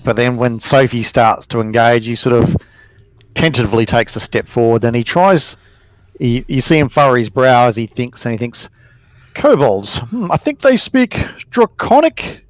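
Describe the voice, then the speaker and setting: A man's voice: mid-range voice, animated, fairly quick, no echo, rough recording. A man playing a tabletop game, describing his character's actions in a thoughtful, hesitant way. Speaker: player.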